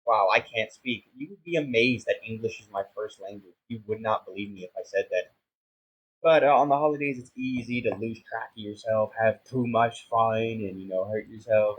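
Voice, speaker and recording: A man's voice: on the low side, highs cut off. A young man giving casual, self-mocking commentary on a sandbox building game, flustered and rambling as he fumbles along. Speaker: gaming YouTuber.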